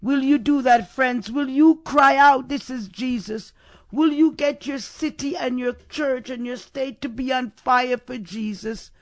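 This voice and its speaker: Man, preacher, sermon, unhurried, emphatic rhetorical questions. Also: very high-pitched, fairly even intonation.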